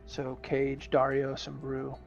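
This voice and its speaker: A man with a mid-pitched, gravelly voice plays a tabletop game. He works through his turn out loud, pausing on fillers and restarting his sentences. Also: monotone, lo-fi sound, faint music behind. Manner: thinking aloud about moves, many fillers and restarts. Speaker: player. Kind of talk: playing an online tabletop game.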